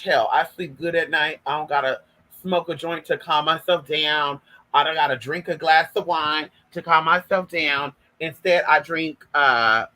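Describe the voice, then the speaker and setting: A man's voice: fairly high pitch, sharp tone, poor audio. A young man from Northern California telling gossipy stories to his viewers in a casual vlog, sassy and profane, calling them girl and y'all. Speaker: vlogger. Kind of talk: casual storytelling monologue.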